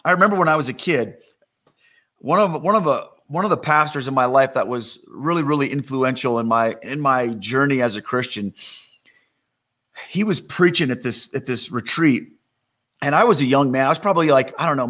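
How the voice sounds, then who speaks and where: A middle-aged man preaching a sermon in a conversational, animated storytelling manner, acting out quotes. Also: fairly high pitch.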